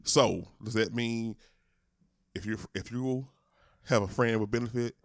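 A man in his thirties co-hosting a casual podcast chat, animated and profane, acting out the voices of people he quotes. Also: medium pitch, measured pace, no echo, studio quality. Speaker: podcast co-host.

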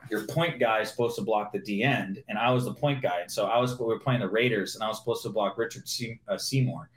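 A man and former pro football player telling lively, fast-moving stories as a guest in a casual interview. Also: on the low side. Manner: animated, quick anecdotes. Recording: roomy echo.

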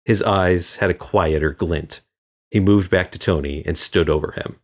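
A man from Florida reading a crime story as guest narrator in measured, even storytelling. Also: deep voice. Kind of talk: scripted audiobook narration.

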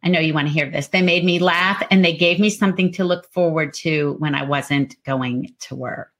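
Low, bright-toned woman co-host. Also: moderate pace. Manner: reads viewer comments aloud, shares writing habits. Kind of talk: casual video chat.

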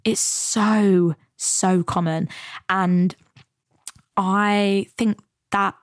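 A woman's voice: mid-range voice, fairly even intonation, very slow, no echo, studio quality. A woman from the UK hosting a podcast, talking in a chatty, earnest and motivational way about goals and coaching. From United Kingdom. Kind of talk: reflective solo podcast talk.

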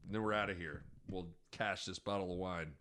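A man's voice: low voice, a little fast, fairly bright tone. Rambling man in sports chat. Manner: rambling, filler-heavy, restarts often. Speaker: sports podcast co-host.

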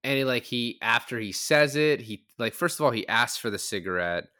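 A man co-hosting a film review podcast, talking in a relaxed, loose way full of fillers. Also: mid-range voice, moderate pace. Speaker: podcast co-host. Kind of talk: casual chat.

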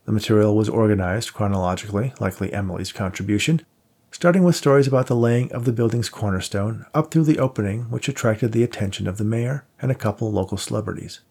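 A man with a low, gravelly voice reads a novel aloud. His tone is husky and a little rough at the edges. He keeps a steady, measured pace and shifts his voice slightly for the characters. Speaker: audiobook narrator. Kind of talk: scripted narration.

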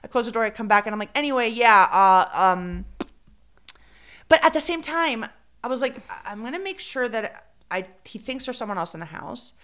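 A woman tells a story on a podcast. She talks in a casual, animated way and acts out each quote. Now and then she drops a Spanish phrase. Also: a little high, moderate pace, clear, resonant tone. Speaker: podcast co-host.

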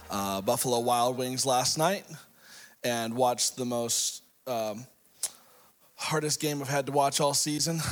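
A man preaching a sermon as pastor, hoarse with a worn-out voice, telling jokey stories and laughing often. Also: mid-range voice, fairly bright tone. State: hoarse, voice shot.

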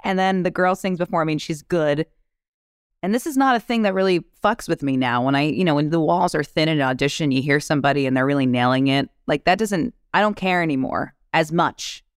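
A woman shares stories on a podcast with lively, laugh-filled candor and casual swearing. Her voice is smooth and clear, recorded close and dry with no room sound. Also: deep voice, fairly quick, dry recording. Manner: animated, laughing, acts out quotes. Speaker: actress guest. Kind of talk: candid podcast storytelling.

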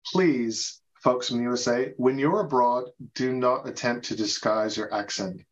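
A mid-range voice at normal speed, its highs cut off, belongs to a US podcast host chatting casually about travel tips. He's talkative and laughs frequently, repeating words and restarting as he goes.

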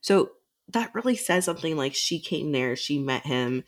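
A woman's voice: low-pitched, expressive, normal speed. A woman co-hosting a book podcast, casually retelling scenes with quoted dialogue and some swearing. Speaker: podcast co-host.

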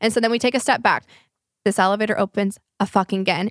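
A young woman spins a story in casual podcast chat, animated and quick to swear. Her voice sits in a middling register and is recorded close and dry, with no room sound around it. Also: medium pitch, no echo. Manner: animated, profane, quick retelling of a fight. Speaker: podcast co-host.

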